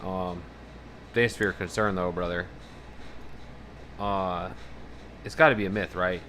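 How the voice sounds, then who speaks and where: Casting note: male streamer, lowish pitch, bright edge, rambling casual chatter with a faint hum behind. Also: unhurried. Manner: rambling, profane, animated about fears. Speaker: livestreamer. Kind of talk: casual live-stream chat, reading out viewer messages.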